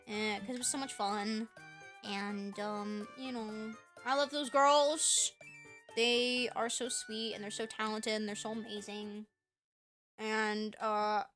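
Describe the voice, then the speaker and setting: Young woman streaming, high bright voice, chatty and animated, cusses casually, faint music behind. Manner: animated storytelling with casual swearing. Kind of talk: casual live-stream chat.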